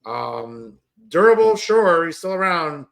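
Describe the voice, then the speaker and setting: A man's voice: fairly high pitch, big pitch swings, takes it slowly, creaky, fairly bright tone. A man co-hosting a wrestling podcast, running through the card in rambling casual chat. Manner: rambling, full of "uh" and "you know". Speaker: podcast co-host.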